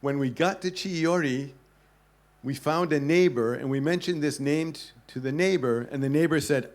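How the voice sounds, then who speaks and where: A man giving a talk to an audience, telling a travel story with lively pacing and acting out the voices of people in it. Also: a little high, moderate pace. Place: club event hall.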